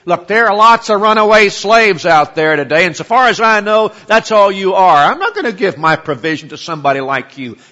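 A man voicing a harsh, scornful rich man who turns away strangers with loud mockery. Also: high-pitched, animated, brisk, hardly any pauses, pitched above the performer's own voice. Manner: loud, mocking and dismissive. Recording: lo-fi with long hall reverb.

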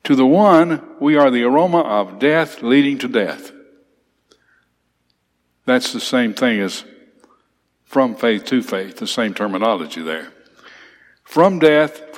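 Man teaching scripture in a reverberant hall. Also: mid-range voice. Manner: emphatic, reads scripture aloud then explains it. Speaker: Bible teacher. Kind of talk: expository Bible class lecture. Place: church classroom with slides.

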